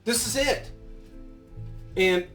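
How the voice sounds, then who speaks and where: A man's voice: very high-pitched, very slow, fairly bright tone, distant mic, soft background music. A man in his fifties telling a story as a vlogger, ranting heatedly and swearing a lot. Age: 50s. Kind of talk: casual storytelling.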